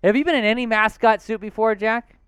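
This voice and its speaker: A man hosting a live sports talk stream, excitable and shouting out supporters. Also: high-pitched, fairly quick, clear, resonant tone, dry recording, soft background music. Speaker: host.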